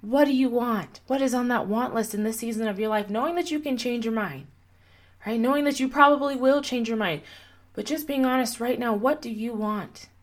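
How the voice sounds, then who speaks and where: A young woman hosts her own motivational podcast alone. She talks in an earnest, encouraging way and keeps asking her listener gentle, repeated questions. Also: fairly high pitch, fairly quick. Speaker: podcast host and coach. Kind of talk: solo motivational podcast talk.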